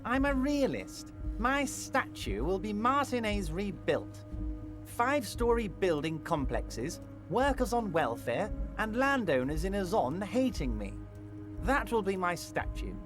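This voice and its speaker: An actor playing a jovial, scheming, heavyset male union boss in a video game, speaking in a booming, self-assured, sweeping way. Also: very animated, a little slow. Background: game music.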